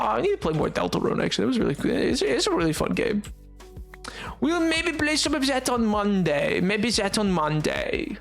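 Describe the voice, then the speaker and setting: A man's voice: sits high, very animated, moderate pace, creaky, soft background music. A young man streaming and chatting casually with his chat, rambling and joking with lots of fillers and restarts. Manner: rambling, jokey, self-interrupting with fillers.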